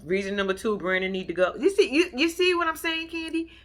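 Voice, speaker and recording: A high-voiced woman talks at a quick pace. On her relaxed vlog she narrates a TV episode recap, full of profanity and laughter, speaking animatedly to her audience as "y'all."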